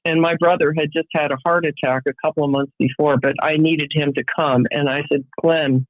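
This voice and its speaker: A woman's voice: sits low, steady tone, a little fast, no room sound, lo-fi sound. A middle-aged woman, a guest on a podcast, tells an emotional personal account vividly and acts out what other people said. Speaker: interview guest.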